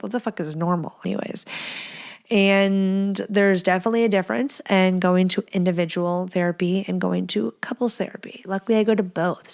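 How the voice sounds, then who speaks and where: A woman's voice: medium pitch, darkish tone. A woman in her thirties hosting a solo podcast, talking bluntly and casually with lots of swearing and rambling restarts. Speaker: podcast host.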